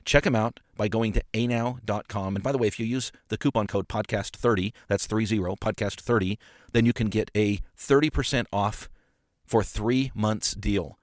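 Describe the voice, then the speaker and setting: A man's voice: lowish voice, moderate pace, no room sound. A man hosting a casual podcast monologue, passionate and emphatic, with frequent fillers and repeated words, recorded on a studio microphone in a parked car. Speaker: podcast host and appraiser coach.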